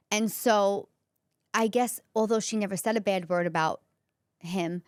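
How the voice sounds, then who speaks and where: A woman's voice: medium pitch, unhurried, no echo, clean studio sound. A woman comedian from the Bronx with a New York accent, telling personal stories as host of her solo podcast in a chatty way full of fillers. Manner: chatty storytelling, many fillers. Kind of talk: candid solo podcast monologue.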